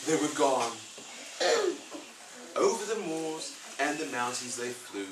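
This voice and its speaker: A woman's voice: extremely low pitch, expressive, takes it slowly. A woman reading a picture book aloud to children in a playful, inviting way. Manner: playful, inviting listeners to join in. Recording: echoey room, far from the mic, noisy.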